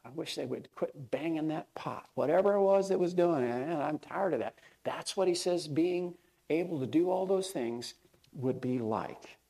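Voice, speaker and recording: A man's voice: mid-range voice, mellow. A male pastor preaching a sermon in a plain, conversational way, with frequent fillers and quoted lines acted out.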